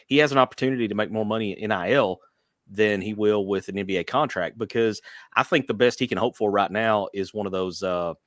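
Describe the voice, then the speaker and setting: A man co-hosting a casual sports podcast, measured and hedging his points. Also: lowish voice, dry recording, clean studio sound. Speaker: podcast co-host.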